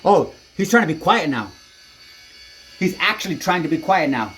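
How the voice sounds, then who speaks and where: A man's voice: fairly high pitch, sing-song, moderate pace, a bit bright, slight background noise. A man angrily ranting to his camera as a tenant, swearing constantly and rambling from point to point. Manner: heavy swearing, agitated and rambling. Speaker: tenant filming a neighbor. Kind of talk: angry ranting vlog. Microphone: handheld camera.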